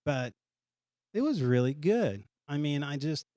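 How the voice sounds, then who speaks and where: A man's voice: a little high, very animated, a little slow, mellow, no room sound. A man co-hosting a podcast, easygoing and enthusiastic in casual chat. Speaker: podcast co-host.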